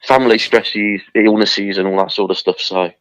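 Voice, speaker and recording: A man's voice: fairly low pitch, steady tone, normal speed, a bit bright, no echo. A man chatting as a podcast guest in a matey, encouraging way, calling everyone mate, heard on a dull, dry recording. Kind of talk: casual chat.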